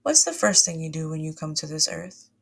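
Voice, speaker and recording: This woman's low, slightly bright voice is very animated and fairly quick, with vocal fry. As a wellness coach leading guided breathwork, she encourages listeners conversationally, calling them "my loves" and "y'all."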